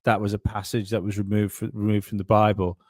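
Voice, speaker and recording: A man with a lowish voice chatting on a podcast, relaxed and rambling and dropping the odd swear word. The sound is dry and close, with no trace of the room. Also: fast, dry recording. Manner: laid-back, rambling, swears casually. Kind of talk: casual podcast conversation.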